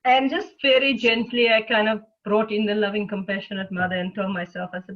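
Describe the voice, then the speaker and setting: Soft-spoken woman meditation teacher on a tinny line. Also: mid-range voice, flat delivery. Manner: gentle, soothing, speaks slowly. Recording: lo-fi phone-like audio.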